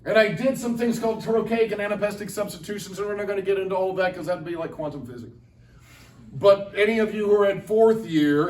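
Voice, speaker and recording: A middle-aged man with a fairly high voice gives a playful, conversational lecture to students and keeps asking the audience questions. The mic picks him up from across the room. His voice rings around a large, echoey convention hall. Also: a little mellow, far from the mic. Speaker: Latin teacher and translator giving a talk. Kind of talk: lively classroom-style lecture to students.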